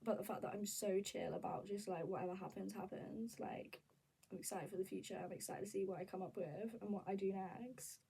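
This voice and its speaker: A young woman vlogging in a candid, rambling, animated casual chat. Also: medium pitch, fairly quick, creaky, husky, recorded from a distance, rough recording. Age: young adult.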